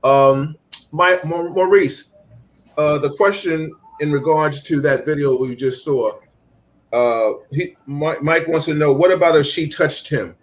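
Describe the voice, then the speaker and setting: A man's voice: on the high side, a little slow. A man hosting a casual talk show, reading out viewer comments and retelling stories with energy. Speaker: host. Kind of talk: casual chat.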